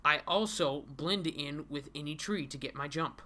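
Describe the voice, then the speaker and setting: This is a swaggering cartoon hedgehog-like hero, put on by a man reading a comic aloud. The voice sits a little higher than his normal speech and has a bright, ringing edge. It comes out excited, shouty and giggly, all bravado. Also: normal speed. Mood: hyped boastful. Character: boastful cartoonish male hedgehog-like creature hero.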